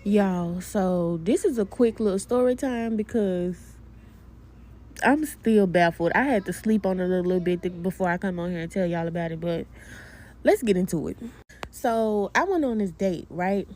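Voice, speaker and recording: A woman telling a dating story to her viewers in a casual storytime vlog, animated and laughing as she talks straight to them. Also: mid-range voice, normal speed.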